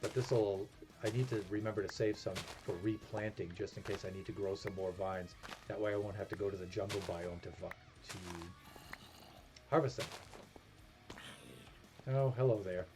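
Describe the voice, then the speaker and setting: With music behind him, a New England-accented man gives casual commentary while streaming a game, talking through his thoughts and ribbing himself. His voice sits on the low side, at a moderate pace with frequent pauses.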